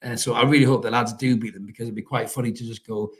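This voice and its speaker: A man's voice: mid-range voice, fairly even intonation, fast talker. Chatty man swearing freely. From North East England. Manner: chatty, swears freely, calls listeners mate. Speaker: fan channel host reading live chat. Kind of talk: casual live stream chat.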